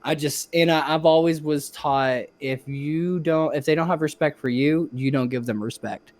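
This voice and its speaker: Give me a young man co-hosting a casual podcast, telling a rambling, profane story in an excitable way. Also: on the high side, moderate pace. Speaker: podcast co-host.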